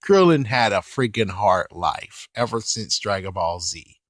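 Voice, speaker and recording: With a lowish voice and a slightly slow pace, a man rambles animatedly through commentary on an anime episode, frequently stopping to correct himself. There's slight background noise.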